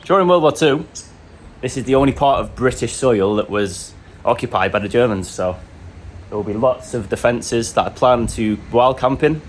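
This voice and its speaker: A man narrating a travel vlog and talking to camera while hiking outdoors, in a relaxed, chatty and enthusiastic way. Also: mid-range voice, normal speed, a little hiss or hum. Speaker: hiking vlogger. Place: outdoors on a coastal hike.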